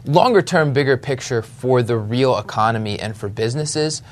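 A man co-hosting a casual finance chat show, bantering and stumbling through quick restarts. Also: medium pitch, animated. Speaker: podcast co-host.

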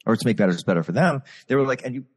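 A man's voice: lowish voice, animated, rapid-fire, slightly rough, long reverb tail. A man from Texas, a guest performer talking candidly in a casual interview over a video call. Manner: candid, storytelling.

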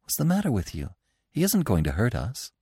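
An earnest young buck from a storybook, voiced by a man, pleading in a soft, quavering, deep voice. The sound is close and dry. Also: big pitch swings, fairly quick, no echo. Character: young male deer, earnest and anxious.

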